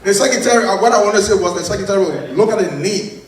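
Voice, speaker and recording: A man's voice: sits high, racing. A man, firmly repeating instructions as an election commissioner at a convention meeting. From Liberia. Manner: firm, repetitive, giving instructions. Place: large convention hall. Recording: very echoey hall, far from the mic.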